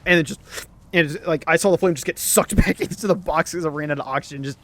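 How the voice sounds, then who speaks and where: A man's voice: on the high side, fast, fairly bright tone. Rambling, profane young man telling stories. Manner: rambling, profane, laughs often, many fillers. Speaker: storyteller host. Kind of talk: casual storytelling chat.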